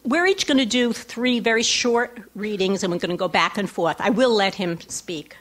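Before a lecture-hall audience, a middle-aged author reads her personal essay with wry humor, pausing for asides to the crowd. Her mid-range voice is a bit bright at a normal speed, with a little hiss or hum.

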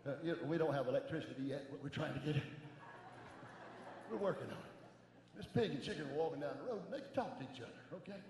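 A middle-aged man preaching a sermon as an evangelist, animated, swinging from soft asides to shouting. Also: fairly high pitch, fast, long pauses, slight background noise. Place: large church sanctuary. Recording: echoey church hall with long reverb.

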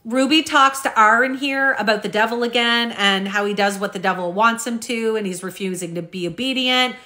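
A woman's voice: on the high side, normal speed, pushed and bright. A woman hosting a true crime recap, reading journal entries aloud in a casual way with frequent ums and self-corrections, talking straight to her viewers. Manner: addresses viewers directly as "you guys".

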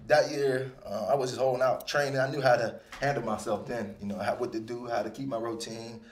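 A man in his thirties, a retired football player, telling stories from his career in a casual, rambling interview, sometimes jumping into animated bursts. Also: mid-range voice, fairly quick. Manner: relaxed, rambling, with animated bursts when quoting himself. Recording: roomy echo.

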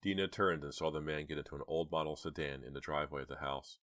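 A man narrating an audiobook with measured, dramatic storytelling. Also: very deep voice, a bit bright, no echo, clean studio sound. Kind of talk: audiobook reading.

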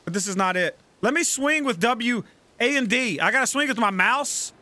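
A man giving gaming commentary, talking himself through moves and yelling and swearing at the game. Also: extremely high pitch, animated, normal speed. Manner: swears a lot and yells at the game. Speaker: let's play gamer.

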